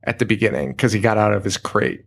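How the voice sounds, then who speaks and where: A man's voice: lowish voice, expressive, fast, creaky. A man co-hosting a podcast, casually recapping a horror episode, joking, swearing and laughing often. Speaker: podcast co-host.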